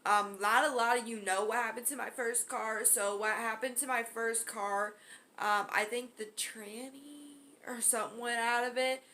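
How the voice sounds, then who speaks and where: A woman's voice: a little high, fairly even intonation, moderate pace, bright, forceful tone. A young woman vlogger telling a story during a mukbang, rambling casually with many ums and likes.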